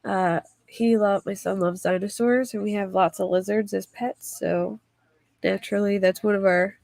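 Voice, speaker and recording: Chatty woman with a gravelly voice. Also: medium pitch, fairly even intonation, moderate pace, a little mellow, no echo. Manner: chatty, rambling, reads chat aloud. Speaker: livestream host. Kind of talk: casual livestream chat.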